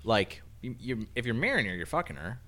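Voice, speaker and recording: A man with a bright, forceful voice and lots of swing in his pitch. He rambles through crude banter with friends on a podcast, often restarting his sentences and breaking into loud laughs. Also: very animated, fairly quick. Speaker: podcast co-host.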